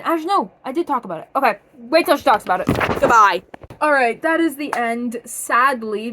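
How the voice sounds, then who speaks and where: A young woman chats at home as she reads out stories her viewers sent in. She talks in an energetic, rambling way and drops plenty of casual fillers. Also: fairly high pitch. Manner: energetic and chatty, with many fillers. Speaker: vlogger reading submitted stories. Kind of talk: casual chat, reading aloud.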